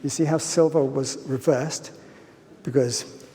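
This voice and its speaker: A man's voice: medium pitch, steady tone, unhurried, dark tone. A man giving a public lecture, playful and fond of asking his audience questions. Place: lecture hall. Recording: lecture hall reverb, faint ambience.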